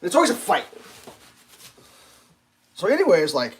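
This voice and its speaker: A man's voice: sits high, wildly swooping pitch, measured pace, slight background noise. A man livestreaming, telling a long exasperated story about customer service, swearing freely. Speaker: live streamer. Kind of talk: casual livestream rant.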